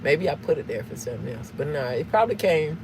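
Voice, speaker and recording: A rambling woman chats away to her viewers from behind the wheel. Steady road noise hums under her voice, picked up by a phone inside the car. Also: sits low, quick pace. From Southern United States. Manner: rambling, chatty, asks viewers questions. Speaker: live-streaming vlogger. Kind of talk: casual chat while driving.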